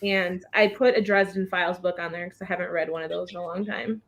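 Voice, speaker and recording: A woman's voice: fairly low pitch, fairly even intonation, quick pace, fairly bright tone. A woman hosting a casual reading livestream over a video call, chatting and laughing often.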